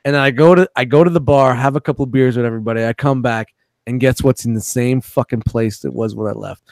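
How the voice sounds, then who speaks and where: A man's voice: mid-range voice, fast, a little mellow, no echo. A man co-hosting a casual podcast, telling a rowdy story with lots of swearing. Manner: rowdy, laughing, swears a lot. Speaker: podcast co-host, toy vendor.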